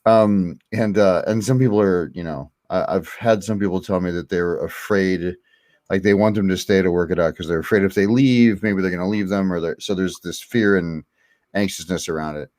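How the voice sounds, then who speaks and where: A man's voice: sits low, normal speed, a little mellow, no room sound, clean studio sound. A middle-aged man hosting a casual talk, candid and rambling, with lots of fillers and restarts. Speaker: host. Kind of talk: casual livestream chat.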